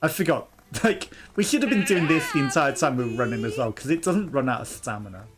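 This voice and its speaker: A young man hosts a let's play in a medium-pitched, expressive, fast voice, chatting casually, laughing, and reading game dialogue aloud as game music plays behind him.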